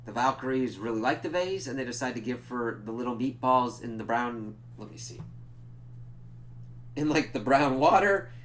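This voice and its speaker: A man's voice: medium pitch, lively intonation, normal speed, fairly bright tone, slight background noise. Rambling, profane male episode reviewer. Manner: rambling, profane retelling full of "like". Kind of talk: casual spoiler review recap.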